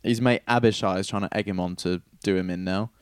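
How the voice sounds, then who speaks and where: A man's voice: sits low, fairly even intonation, fast, smooth, dry recording, clean studio sound. Irreverent man retelling stories. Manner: irreverent, swears, mock-voices characters lightly. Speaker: podcast co-host retelling Bible stories. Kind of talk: casual chat.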